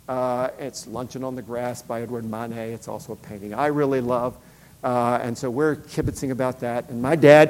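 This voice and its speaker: A man's voice: mid-range voice, a little mellow. A middle-aged man telling a personal story in a casual, conversational way, with lots of fillers and short acted-out quotes. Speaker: speaker. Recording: long hall reverb.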